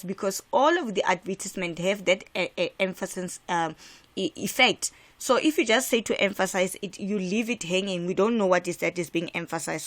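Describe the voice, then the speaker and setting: A woman from South Africa teaching an exam revision lesson, emphatic and repetitive, with frequent restarts. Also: fairly low pitch. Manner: emphatic, repeats key points, frequent filler restarts.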